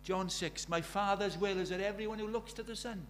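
Brief: middle-aged man preaching, voice a little high, swings between hushed and urgent, faint hum behind. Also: fairly even intonation, brisk. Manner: swings from hushed intimacy to loud urgent questions. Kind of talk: sermon.

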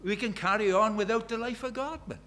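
A man preaching a sermon, conversational and animated, swinging from loud exclamations to quiet, intimate tones. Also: sits high, a little fast. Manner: conversational, uses quoted dialogue and filler words.

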